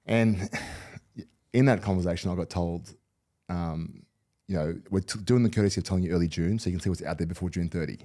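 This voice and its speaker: A man's voice: low-pitched, fairly quick, mellow. A middle-aged man, a retired rugby league player telling candid, rambling stories as a podcast guest. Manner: candid, rambling with many restarts. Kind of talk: casual storytelling interview.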